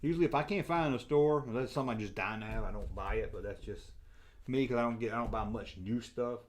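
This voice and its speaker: A middle-aged man with a Southern accent chatting casually on a livestream, reading viewer comments in a rambling, jokey way and getting loudly excited. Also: mid-range voice, fast talker. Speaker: toy collector channel host.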